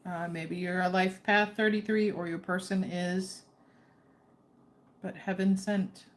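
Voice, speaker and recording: A woman's voice: on the low side, steady tone, measured pace. A woman giving a casual, chatty tarot reading, often breaking off to coax her dog over. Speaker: tarot reader.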